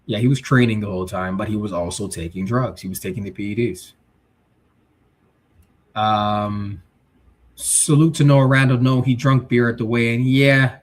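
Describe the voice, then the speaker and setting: A man's voice: fairly low pitch, normal speed. A male livestream host chatting casually, reading viewer comments and giving blunt, slangy takes. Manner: blunt, animated, street slang.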